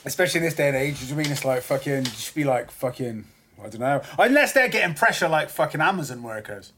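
A man's voice: fairly high pitch, lively intonation, fast talker, fairly bright tone. A young man in casual chat, rambling and sweary. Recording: clear background noise with clicks.

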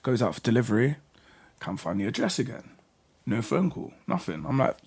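A man's voice: mid-range voice, big pitch swings, a little fast, creaky, a little mellow, husky. A young man telling a story in casual chat, swearing a lot and acting out both sides of the conversation.

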